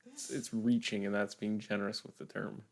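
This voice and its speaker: A man's voice: fairly low pitch, fairly even intonation, moderate pace, creaky. Laid-back, teasing male co-host. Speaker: co-host, host's partner. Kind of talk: casual chat.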